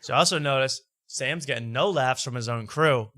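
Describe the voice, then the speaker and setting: A man's voice: mid-range voice, normal speed, sharp tone, a little hiss or hum. A man hosting a show, giving wry, mocking casual commentary on a podcast clip. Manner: wry, mocking, laughs as he talks. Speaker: host reacting to podcast clips.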